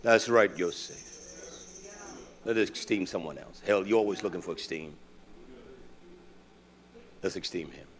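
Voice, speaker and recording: A man preaching a sermon in a conversational way, swinging from hushed asides to loud bursts and asking his listeners questions he answers himself. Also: low voice, unhurried, pauses often. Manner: asks the congregation questions and answers them himself.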